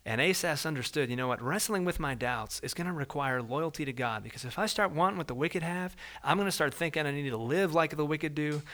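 A man preaching a sermon with a bright, forceful voice. He talks to the congregation conversationally and acts out everyday moments in lively put-on voices. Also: a little high, a little fast, few pauses. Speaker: pastor.

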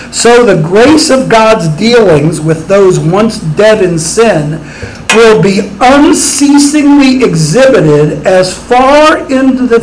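A man's voice: very high voice, a little hiss or hum, low-quality recording. A middle-aged man preaching a sermon as pastor, emphatic and rising on his rhetorical questions.

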